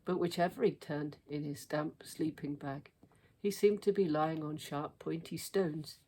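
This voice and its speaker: A woman reading a children's storybook aloud in an expressive, measured way. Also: sits low.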